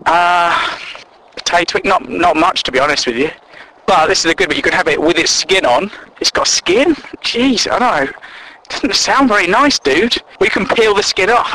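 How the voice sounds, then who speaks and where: A man's voice: sits high, animated, normal speed, bright, forceful tone, slight background noise, rough recording. A man doing a stand-up comedy routine, sweary and incredulous, acting out both sides of imagined conversations.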